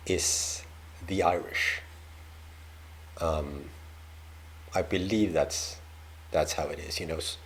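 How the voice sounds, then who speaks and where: A man's voice: deep voice, fairly even intonation, slow pace, long pauses, a bit bright, slight background noise. A young Danish man with a Danish accent hosts a reaction video, chatting in a hesitant, self-deprecating way with lots of fillers. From Denmark. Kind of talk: casual reaction commentary.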